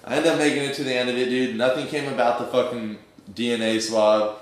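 A man's voice: medium pitch, fairly even intonation, quick pace. A young man telling a rambling, profane story in slang, full of fillers. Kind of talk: casual storytelling. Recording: very echoey room.

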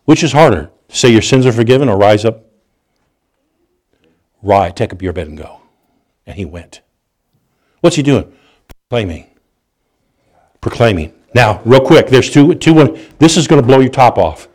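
A man's voice: medium pitch, moderate pace, long pauses. Storytelling male preacher. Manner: storytelling, animated, with restarts and chuckles. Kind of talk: sermon.

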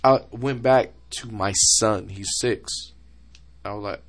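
A man in his thirties hosting a casual talk show, telling an emotional story with swearing and lively delivery. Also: on the low side, takes it slowly. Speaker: podcast host. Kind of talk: casual chat.

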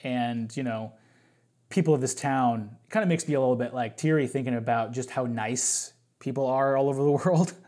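A man's voice: mid-range voice, brisk, dark tone. A man talking as a podcast guest, telling a long story in a casual, rambling way, full of fillers and restarts.

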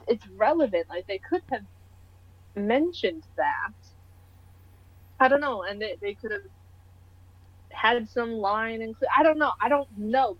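A woman's voice: on the high side, dry recording. A chatty young woman talks in a loose, rambling way, often laughing at herself. Her recording is dry and dull, as if from a cheap mic close up. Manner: chatty, self-deprecating, rambling with restarts. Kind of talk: casual chat.

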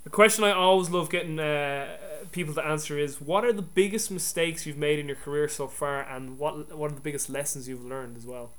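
A man hosts an interview, talking quickly in a smooth, clear voice. He pitches a little high and comes across eager and chatty. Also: fairly bright tone. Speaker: podcast host. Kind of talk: casual interview talk.

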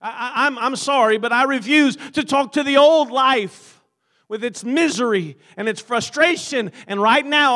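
Delivering a passionate sermon at normal speed, this pastor has a remarkably high voice. Amens pepper his preaching as he climbs to shouts, then falls back to quiet pleading.

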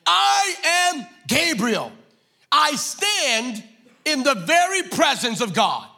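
A man acting out a stern male archangel, proclaiming in slow, booming tones. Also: creaky, bright, forceful tone, full character voice.

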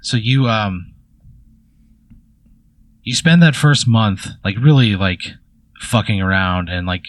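A man guiding an improvised story game as its narrator, with a lowish voice. He speaks casually, with frequent fillers and restarts. The recording sounds dry and close. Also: slow, long pauses, dry recording. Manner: casual, hesitant, full of fillers. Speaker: game master.

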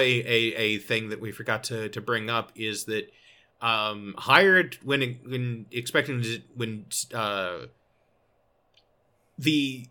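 A man's voice: medium pitch, bright, forceful tone. A man co-hosting a casual discussion of a fan story, recapping the plot with stammers and restarts. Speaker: podcast co-host.

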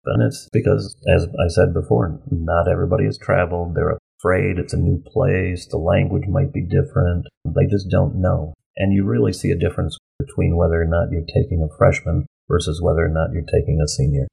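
Low gravelly man, casual chat. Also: flat delivery, warm tone. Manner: chatty, repeats words, quick asides. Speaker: college instructor co-teaching a course. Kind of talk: casual conversation.

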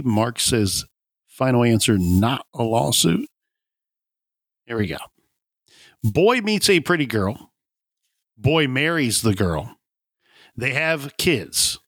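A man's voice: medium pitch, fairly bright tone, dry recording, clean studio sound. A man hosting a podcast game show, reading out case summaries and often breaking into laughter.

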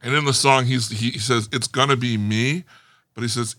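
A man co-hosting a podcast, reading the news and cracking dry, deadpan jokes. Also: medium pitch, normal speed, no echo. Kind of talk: casual chat.

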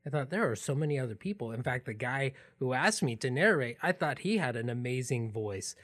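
A man's voice: mid-range voice, animated, fairly quick. Earnest man telling a personal story. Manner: reflective, earnest, softening into quiet asides. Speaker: podcast host.

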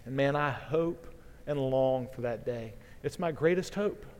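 A man's voice: mid-range voice, a little slow, darkish tone. A man preaching a sermon as pastor, earnest and building in force as he reads scripture aloud. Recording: long reverb from a large hall.

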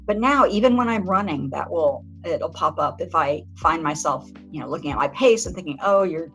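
Woman guest in an interview, reflective and halting, restarts her sentences, faint music underneath. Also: deep voice, animated, a bit bright, poor audio. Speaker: author and guest. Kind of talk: conversational interview.

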